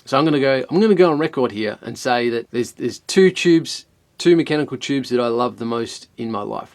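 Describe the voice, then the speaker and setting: Swearing, laid-back Australian man. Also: medium pitch. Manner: blunt, swears often, chatty and laid-back. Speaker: product reviewer. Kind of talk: casual spoken product review.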